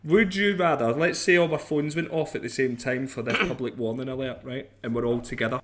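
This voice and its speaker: A man's voice: mid-range voice, a little fast, a bit bright. A man co-hosting a podcast in casual banter, teasing his friends and laughing often. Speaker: podcast co-host. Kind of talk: casual chat.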